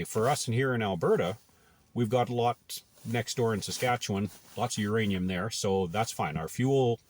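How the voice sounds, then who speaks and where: A man's voice: lowish voice, darkish tone, no room sound. A man from Canada talking casually to camera, thinking aloud with many restarts and okays. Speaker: blogger.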